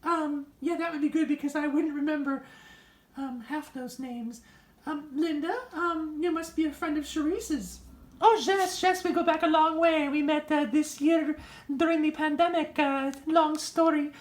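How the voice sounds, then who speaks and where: A woman's voice: sits high, steady tone, moderate pace, natural voice. Woman putting on eager chatty Linda in an echoey room. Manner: eager, rambling with long name lists. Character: flustered chatty woman visitor.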